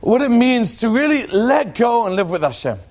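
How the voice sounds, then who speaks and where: A rabbi giving a lively, joking religious talk to a live audience, questioning them and acting out what people say. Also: male voice, very high-pitched, normal speed, slight background noise. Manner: animated and joking, acts out quoted thoughts in a dramatic voice.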